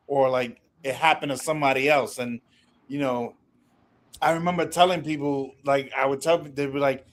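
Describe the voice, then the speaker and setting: A man speaks in a middle register, looking back on his childhood with halting, repeated starts. His chat is loose and reflective, as if talking it through out loud. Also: mid-range voice. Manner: halting, many restarts, reflective.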